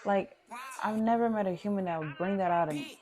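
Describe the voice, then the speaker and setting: A woman's voice: mid-range voice, a little fast. A woman, telling a blunt, profane storytime rant about a falling-out with a friend. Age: 20s. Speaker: vlogger. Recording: music playing loudly behind.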